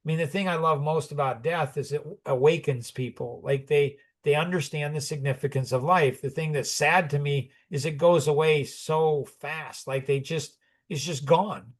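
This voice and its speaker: A man's voice: a little high, steady tone, normal speed. A man in his sixties telling personal stories in conversation, rambling and reflective, often restarting and chuckling. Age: 60s.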